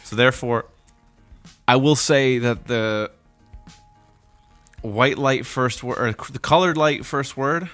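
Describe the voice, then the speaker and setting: A young man co-hosting a casual podcast chat, lively and animated. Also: mid-range voice, slow pace, pauses often, faint music behind. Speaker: podcast co-host.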